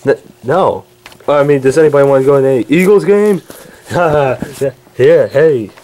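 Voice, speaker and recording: A man's voice: mid-range voice, expressive, unhurried, a little mellow. A man bickering and stammering through a homemade comedy skit in which he plays several characters.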